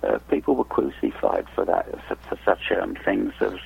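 UK man calling in, deep and croaky voice, phone-line sound, soft hesitant delivery. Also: huge pitch swings, moderate pace. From United Kingdom. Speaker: caller reading a poem. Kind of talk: poetry reading and chat.

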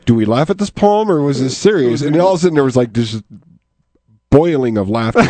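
A man's voice: mid-range voice, animated, normal speed, a little mellow, slight background noise. Man hosting a poetry radio show. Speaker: radio host. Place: radio studio.

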